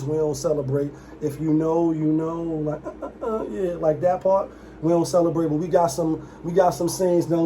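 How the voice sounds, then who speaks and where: A young man with a slightly higher voice hosts a commentary channel and rambles through a casual vlog. He jumps loosely and animatedly between asides and quick impressions, with a faint hiss of room noise beneath his voice.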